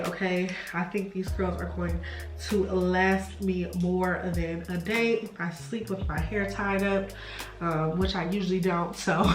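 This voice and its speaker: Her fairly low voice bounces around an echoey room as this young beauty vlogger casually chats through a hair tutorial. She gushes, keeps chatting, and says "y'all" a lot.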